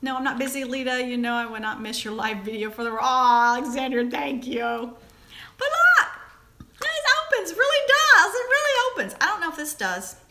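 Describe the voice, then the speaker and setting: A woman hosts a relaxed live stream, reading out viewer comments and unboxing little toys. Her voice is high and bright and swoops up and down, full of giggles and delighted gasps. A faint background hiss sits under her talk. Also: normal speed. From Southern United States. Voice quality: giggly, exclamatory, high and animated. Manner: reads viewer comments aloud, gasps and squeals over small toys. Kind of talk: casual live chat while unboxing toys.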